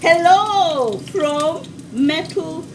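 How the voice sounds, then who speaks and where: Chatty high-voiced woman hosting a cooking stream. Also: very slow, distant mic, noisy background. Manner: chatty and affectionate, calls viewers sweetheart. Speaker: cooking show host. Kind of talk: live-stream cooking demo, reading viewer comments. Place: home kitchen.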